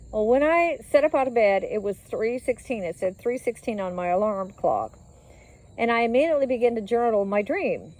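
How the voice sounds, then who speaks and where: A woman's voice: fairly high pitch, a little mellow, poor audio. A middle-aged woman telling of a dream in an earnest, rambling way, filming on a phone while out walking her dog. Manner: earnest, rambling, emotional, with frequent fillers. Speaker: vlogger sharing a dream. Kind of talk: casual testimony to camera.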